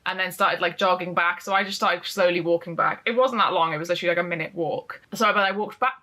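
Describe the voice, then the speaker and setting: Young woman with a bright, sharp tone, chatty vlogger storytelling and casually sweary. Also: lowish voice, quick pace.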